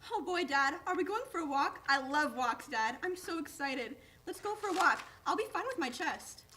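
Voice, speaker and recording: A chatty, high-voiced pet dog. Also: female voice, animated, moderate pace, bright, forceful tone, a little hiss or hum. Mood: excited. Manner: chatty, keeps calling his owner "Dad". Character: eager chatty young male pet dog. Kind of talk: staged play reading.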